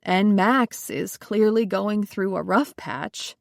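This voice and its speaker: Woman voicing a soft-spoken anxious social worker. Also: medium pitch, slow pace, vocal fry, no room sound, clean studio sound. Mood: placating. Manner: soft, hedging and placating.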